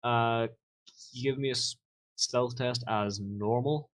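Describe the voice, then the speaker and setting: A man runs a tabletop game as game master, with an average-pitched voice. He narrates loosely, with lots of fillers and restarts. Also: steady tone, slow pace, low-quality recording. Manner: casual, rambling, many fillers.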